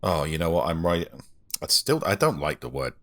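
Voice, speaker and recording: A man's voice: rumbling low, sing-song, moderate pace, fairly bright tone, no room sound. A man co-hosting a podcast, telling stories in a dry, joking way. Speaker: podcast co-host. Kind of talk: casual chat.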